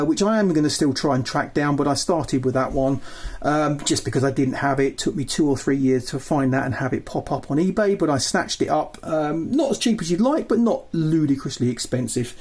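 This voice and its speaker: A man's voice: a little high, a little fast, a little mellow. A man chatting casually as he shows off items from his retro game collection, with lots of ums and asides. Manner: chatty, rambling, filler-heavy. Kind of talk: show-and-tell of collection.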